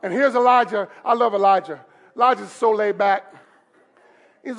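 High-voiced male pastor, emphatic preaching. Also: moderate pace, long pauses, dull audio. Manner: emphatic, rises to shouting, call-and-response. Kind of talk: sermon. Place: church service.

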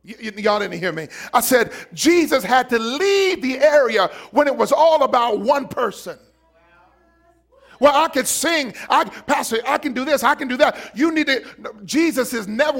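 High-voiced fiery preacher man. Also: expressive, moderate pace, gravelly. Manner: fiery, shouting, call-and-response with congregation; acts out quoted voices and repeats words for emphasis. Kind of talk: live sermon.

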